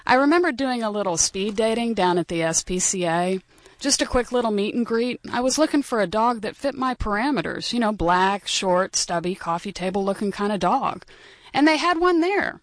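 A woman's voice: mid-range voice, lively intonation, moderate pace, no echo. Wry woman telling a dog story. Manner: dry, wry humor. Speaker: guest storyteller. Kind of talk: personal storytelling.

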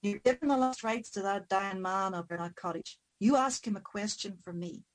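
An ancient hooded fiddler of the fair folk, grim and unearthly, his voice slow and weighted, as a woman storyteller puts him on. He is a withered old creature who pleads and threatens by turns. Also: mid-range voice, close to an everyday voice. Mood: pleading.

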